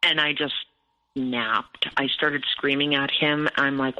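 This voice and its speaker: A woman's voice: rumbling low, fairly even intonation, takes it slowly, sharp tone, dull audio. A woman recounting a painful personal story in an interview, tense and detailed, often quoting what was said. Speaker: abuse survivor guest.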